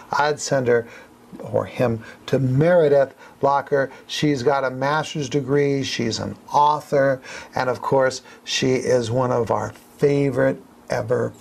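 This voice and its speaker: A man hosting a casual podcast, joking and playful, talking quickly, recorded at a hypnosis center. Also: mid-range voice, creaky. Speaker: podcast host.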